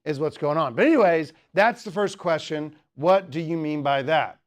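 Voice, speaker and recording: A man's voice: fairly high pitch, moderate pace. A man giving a humorous teaching talk at a student apologetics club, rambling with many jokes and asides.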